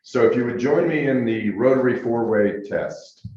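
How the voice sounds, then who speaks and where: A man leading a club meeting through the opening pledge and rituals in a measured, formal way. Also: mid-range voice, a little mellow. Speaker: meeting leader. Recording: echoey room, dull lo-fi sound, faint noise.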